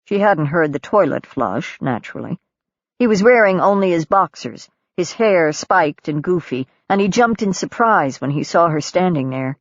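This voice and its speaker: Reading from a novel, a woman narrates in a calm, measured manner with a voice on the low side. It's scripted audiobook narration on a dry, dull, lo-fi recording.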